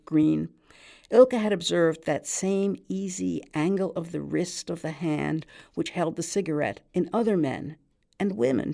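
A woman reading a literary short story aloud in a measured, even narration. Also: fairly low pitch, creaky. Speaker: reader.

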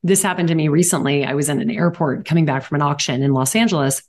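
A woman in her forties from Louisiana talks in a low, full register. She tells quick, upbeat stories as a guest on a podcast interview, with plenty of energy. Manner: animated storyteller, quick and upbeat with laughs. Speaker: guest, charity auctioneer and founder.

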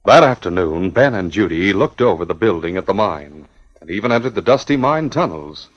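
A man narrating a 1950s radio drama in a measured, even storytelling voice. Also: deep voice. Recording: dull 1950 radio recording.

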